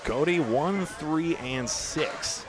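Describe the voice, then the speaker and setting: A man's voice: on the high side, drawn-out words, background noise. Chatty male bowling commentator. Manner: chatty, self-deprecating asides.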